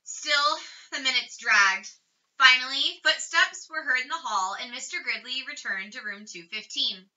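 Bright-voiced woman reading a children's book. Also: high voice, a little slow, far from the mic, lo-fi sound. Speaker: reader.

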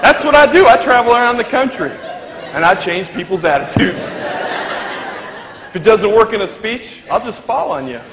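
A man's voice: high voice, normal speed. A young man, a motivational speaker, telling a comic story to a live audience and acting out the people in it. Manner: animated, acts out the people in his story. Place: large hall with a live audience. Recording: echoey hall with crowd laughter and noise.

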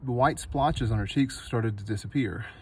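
In a low-quality recording made in a dry canyon, a man with a mid-range, slightly rough voice recounts a personal story with earnest energy. A nurse and meditation teacher, he grows soft and slow when guiding a meditation.

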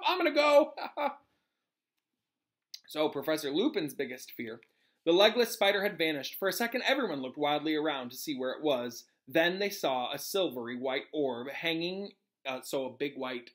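A male teacher reading a novel aloud to his students in an animated way, pausing to correct himself and explain. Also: medium pitch.

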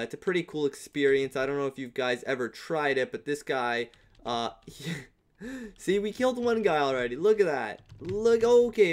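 A young man giving casual, rambling commentary on his own gameplay, now and then breaking into playful yelling. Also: medium pitch. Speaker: gaming YouTuber.

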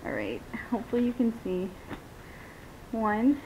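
A young woman in casual unboxing chat who gushes, squeals and laughs often as she talks to her viewers. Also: a little slow. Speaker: vlogger unboxing a reborn doll. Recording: dull lo-fi home video with faint rumble.

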